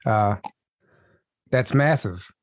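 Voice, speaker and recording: A man's voice: lowish voice, lively intonation, drawn-out words, dry recording. A man hosting a podcast, chatting casually and reacting briefly to his guest. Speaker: podcast host. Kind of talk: casual chat.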